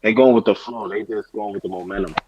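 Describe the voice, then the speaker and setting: Laid-back co-host on a muffled mic. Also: male voice, lowish voice, fairly even intonation, quick pace, crowd noise. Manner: laid-back, slangy, defensive when teased. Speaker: podcast co-host. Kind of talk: casual chat during a game watch-along.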